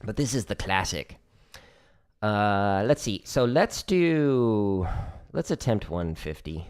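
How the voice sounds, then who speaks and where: A man's voice: on the low side, lively intonation, slow, darkish tone, clean tone. A man casually explaining drum exercises on his practice livestream, chatty and joking as he goes.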